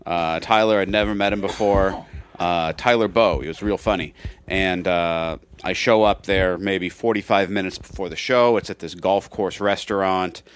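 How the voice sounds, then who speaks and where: A low-voiced man co-hosts a casual comedy podcast, speaking at normal speed in a steady tone, with a little hiss or hum in the audio. In easygoing chat, he tells a rambling story, restarting often and acting out what people said.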